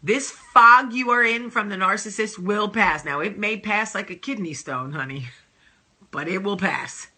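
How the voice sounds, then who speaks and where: A woman hosting a casual advice vlog, talking in an animated, emphatic and sassy way. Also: medium pitch, unhurried. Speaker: host.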